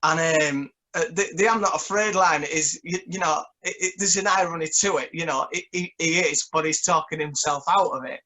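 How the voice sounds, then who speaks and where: Songwriter guy, kinda high bright voice, keeps tripping over his words, chatty. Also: moderate pace, few pauses, low-quality recording. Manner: stammering, repeats words often. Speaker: songwriter guest. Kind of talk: casual interview chat.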